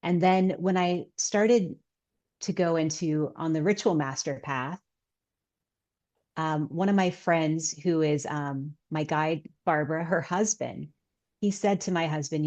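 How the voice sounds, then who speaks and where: A woman's voice: deep voice, unhurried, a little mellow, highs cut off. A middle-aged woman, a guest author, telling stories earnestly in a casual interview.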